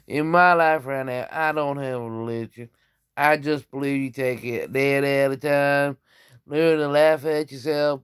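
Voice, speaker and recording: A man's voice: mid-range voice, smooth, no room sound, clean studio sound. Tipsy man rambling and swearing. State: tipsy from drinking. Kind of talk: casual comedy vlog.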